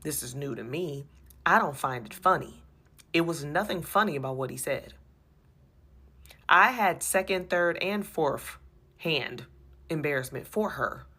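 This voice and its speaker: A woman telling an animated, exasperated personal story about her church, repeating herself as she goes. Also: deep voice, a little slow, pauses often, breathy edge. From USA.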